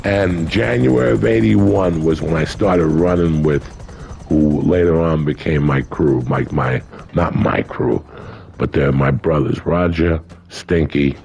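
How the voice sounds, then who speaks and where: A man in his sixties with an extremely deep, gravelly voice spins a story in casual conversation. He talks bluntly and swears freely, like a podcast guest recounting old times. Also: measured pace, a little mellow, slight background noise.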